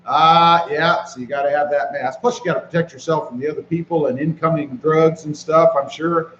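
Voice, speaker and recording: A man hosting a casual live stream, reading viewer comments aloud and greeting people by name in a relaxed way while he walks around with his phone. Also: a little high, fairly quick, reverberant, lo-fi sound, a little hiss or hum. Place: walking around outdoors.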